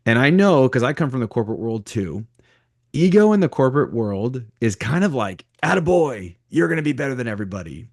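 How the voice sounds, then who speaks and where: A man's voice: mid-range voice, a little mellow, no room sound, clean studio sound. A man hosting a podcast, asking upbeat conversational questions with rhetorical asides. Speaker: podcast host. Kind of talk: casual interview.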